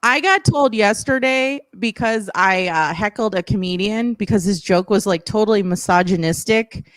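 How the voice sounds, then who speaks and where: A woman's voice: mid-range voice, normal speed, dry recording. A woman comedian from Boston with a Boston accent, chatting brashly, laughing and swearing freely. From Boston, USA. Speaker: comedian guest. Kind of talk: casual podcast chat. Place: Los Angeles.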